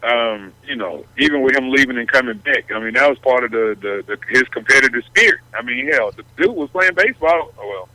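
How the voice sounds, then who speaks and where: A man's voice: mid-range voice, expressive, brisk, hardly any pauses, bright, forceful tone, dry recording, rough recording. A man co-hosting a sports podcast in casual chat, easygoing and agreeable. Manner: easygoing, agreeing, backs up his partner.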